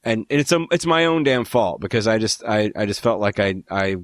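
A man's voice: lowish voice, lively intonation, fairly quick, dry recording, studio quality. A man hosting a podcast in casual chat, often restarting and repeating words as he talks. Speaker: podcast host.

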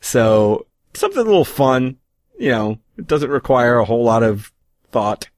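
A man's voice: medium pitch, sing-song, moderate pace, no echo. Laid-back man hosting a podcast. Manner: laid-back, laughs often. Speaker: podcast host. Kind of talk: casual podcast chat.

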